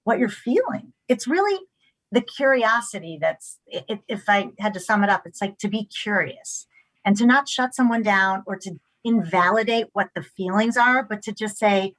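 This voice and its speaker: A middle-aged woman speaking as an expert on a discussion panel. Her voice sits at an ordinary middle pitch. She talks in an animated way, restarting often and acting out quoted lines. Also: normal speed, rough recording. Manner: animated, acts out quoted speech, frequent restarts.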